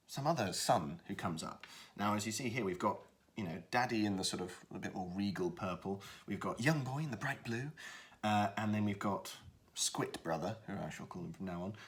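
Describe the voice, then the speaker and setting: A man's voice: lowish voice, fairly bright tone. A voice actor giving a casual tutorial on voicing characters, hesitating often as he talks. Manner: hesitant, lots of fillers and restarts.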